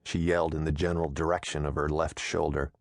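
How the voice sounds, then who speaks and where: A man narrating an audiobook in a steady, measured storytelling manner, close to a studio mic. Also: rumbling low, no room sound.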